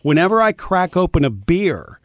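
Animated man hosting morning radio. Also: sits high, moderate pace, no room sound, studio quality. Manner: playful, teasing, animated. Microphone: studio microphone.

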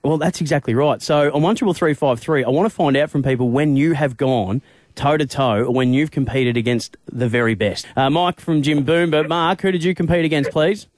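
A young Australian man hosting a radio show, telling a story in an animated, quick way from a studio mic. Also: on the high side, no room sound. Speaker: radio host. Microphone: studio microphone.

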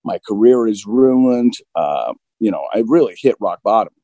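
Candid mid-forties man with a mellow voice. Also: on the low side, lively intonation, normal speed, dry recording, rough recording. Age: 40s. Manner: open and self-deprecating, acts out both sides of dialogue. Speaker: guest recounting recovery. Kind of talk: candid conversational storytelling.

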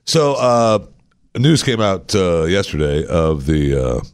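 A man co-hosting a morning radio show, chatting casually and jokily, with frequent pauses and fillers. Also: deep voice, very animated, smooth, dry recording, clean studio sound. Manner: joking, halting, lots of fillers.

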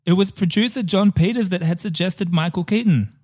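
A man with a high-sitting, slightly mellow voice co-hosts a casual movie podcast at a brisk clip. He jokes around, swears, and drifts off on tangents.

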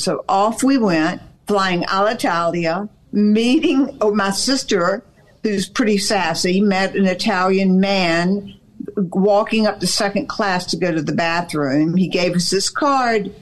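A woman's voice: medium pitch, a little slow. Chatty Southern woman guest. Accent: Southern American. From eastern North Carolina. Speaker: guest author. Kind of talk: radio interview storytelling.

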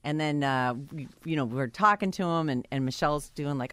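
A woman co-hosting a casual chat show, telling lively anecdotes with lots of laughs. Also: low-pitched, fairly quick, smooth, no room sound. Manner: chatty storyteller, lively and laughing.

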